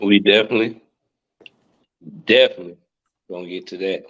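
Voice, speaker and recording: A young man hosts a casual podcast chat, blunt and profane, laughing easily. His voice sits on the low side, and the recording sounds dull and lo-fi. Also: fairly quick, fairly bright tone. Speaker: podcast host. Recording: lo-fi dull audio.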